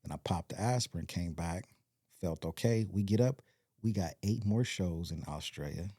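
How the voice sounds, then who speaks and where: Low, dark-voiced man telling a story. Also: moderate pace, husky, no echo, studio quality. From Compton, California. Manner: rambling, animated retelling with quoted voices. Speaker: podcast guest. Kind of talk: storytelling in casual interview.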